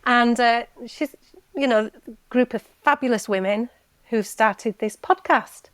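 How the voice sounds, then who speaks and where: Earnest woman guest, halting restarts. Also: a little high, smooth, no room sound. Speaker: podcast guest. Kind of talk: candid conversational storytelling. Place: podcast recording.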